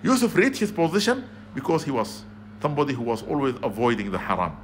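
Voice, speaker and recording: A man's voice: medium pitch, huge pitch swings, fast, slight background noise. A man giving a sermon as a spiritual advisor, earnest and emphatic, weaving Arabic phrases into his talk and rising to pointed exclamations. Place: community venue.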